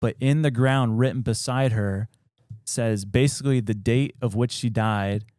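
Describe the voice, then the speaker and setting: Clear-voiced man retelling a story casually. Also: mid-range voice, a little slow, a little mellow, no echo, studio quality. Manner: rambling, filler-heavy retelling. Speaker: podcast host.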